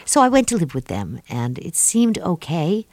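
Woman, very low voice, from New York, thoughtful, pauses with fillers, dry close sound. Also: sing-song, a little mellow, no echo. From New York, USA. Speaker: guest, author of an autobiography. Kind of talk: reflective interview talk.

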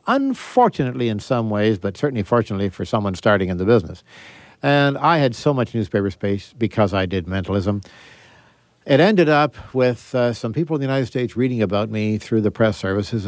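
Older male guest, low voice, animated raconteur, dead-dry studio. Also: vocal fry, dry recording. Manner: animated, theatrical storyteller acting out quotes. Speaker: guest, magician and escape artist. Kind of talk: interview, storytelling.

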